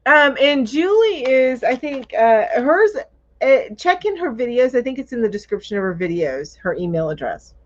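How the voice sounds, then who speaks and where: Very animated and high-pitched, a woman talks at normal speed while hosting a crochet live chat. She reads out comments from viewers, chatting casually, thinking aloud and laughing with ease, all in dull, lo-fi livestream audio.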